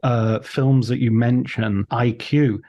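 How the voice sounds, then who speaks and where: A man interviewing a guest, asking long, halting questions full of fillers. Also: mid-range voice, fairly even intonation, warm tone. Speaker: interviewer, host.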